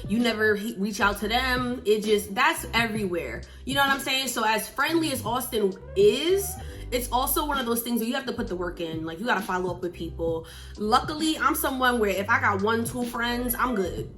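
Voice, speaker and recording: A woman's voice: on the high side, brisk, faint music behind. A young woman from New Jersey, vlogging in a casual, chatty storytelling style and acting out the quotes. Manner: chatty, animated, acts out quotes.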